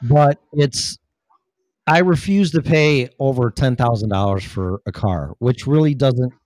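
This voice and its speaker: A man's voice: medium pitch, measured pace, darkish tone, no room sound. A man hosting a casual podcast, talking in a rambling, profane way while fiddling with his audio gear. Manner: profane, rambling, distracted by equipment. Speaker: podcast host. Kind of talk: casual chat.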